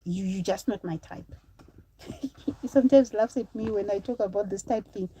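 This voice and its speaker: Mellow-voiced woman telling a story. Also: mid-range voice, moderate pace, slight background noise, rough recording. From Zimbabwe. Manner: chatty, addresses viewers as guys, thanks supporters mid-story. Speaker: live streamer. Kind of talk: casual storytelling live stream.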